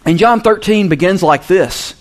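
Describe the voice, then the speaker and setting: A male pastor preaching a sermon, swinging between soft low asides and loud, emphatic peaks. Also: normal speed. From Southern US.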